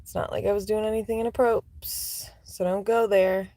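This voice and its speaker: A woman telling casual storytime anecdotes, chatty and full of "like" fillers, laughing and swearing, sometimes dropping to soft whispery asides. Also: mid-range voice, steady tone, normal speed, dry recording.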